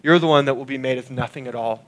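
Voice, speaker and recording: A man preaching a sermon, earnestly expounding scripture and slowing down and dropping his voice on key lines. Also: mid-range voice. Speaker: pastor.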